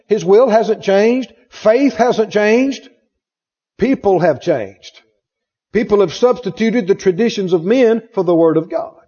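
A man whose voice sits high, with a dark tone and a breathy edge, preaches with emphasis. He repeats phrases and asks the congregation questions, heard through a dull lo-fi recording in a reverberant hall.

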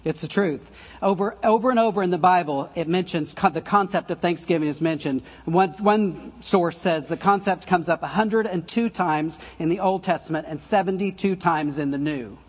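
Raspy-voiced older preacher. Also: male voice, high-pitched, moderate pace, highs cut off. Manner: conversational preaching with asides and self-corrections; laughs softly at his own stories. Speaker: pastor. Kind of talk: sermon.

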